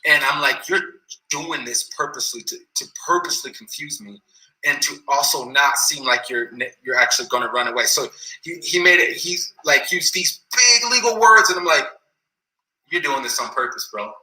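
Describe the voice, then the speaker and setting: A man's voice: a little high, expressive, moderate pace, pushed and bright. A man telling a story in a casual, rambling way, full of slang and repeated phrases, in an echoey room.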